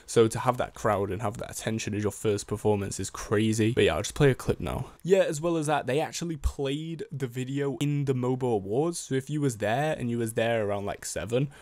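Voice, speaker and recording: Young guy w a sheffield accent, slangy rambling chat, self-deprecating, medium pitch. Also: brisk, hardly any pauses, a little mellow, dry recording. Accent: Sheffield English. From Sheffield, England. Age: young adult. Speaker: rapper and music producer. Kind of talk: casual vlog storytelling.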